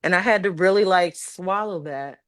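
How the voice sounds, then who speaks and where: A woman with an Ohio accent, telling stories on a podcast in a fairly low voice, recorded dry and close. She talks casually and animatedly and acts out the voices of the people in her stories. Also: normal speed, a bit bright, dry recording. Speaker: podcast guest, former social worker. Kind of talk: casual storytelling. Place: podcast studio.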